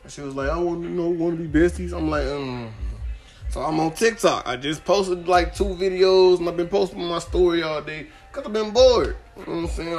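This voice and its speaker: Young male podcast host, casual and profane, animated delivery, higher voice, faint music under it. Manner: animated, profane, swings between loud outbursts and low muttering. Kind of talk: casual storytelling monologue.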